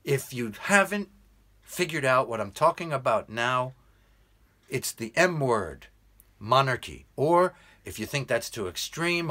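A man from the United States speaks in a bright, forceful tone, pressing his points in an earnest political monologue. He slows down to lean hard on key phrases and keeps an urgent, appealing edge throughout. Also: mid-range voice, expressive. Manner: earnest, urgent, emphatic with slow deliberate stresses. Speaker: English tutor.

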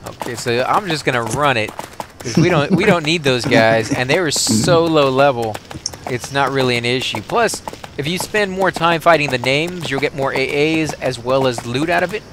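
A man hosting a game walkthrough, explaining steps in a relaxed way with plenty of fillers. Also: medium pitch, moderate pace, background noise. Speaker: host.

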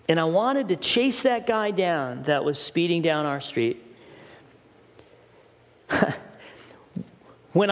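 A middle-aged man preaching a sermon as pastor, urgent and questioning the congregation directly. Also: high-pitched. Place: church hall. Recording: long church hall reverb.

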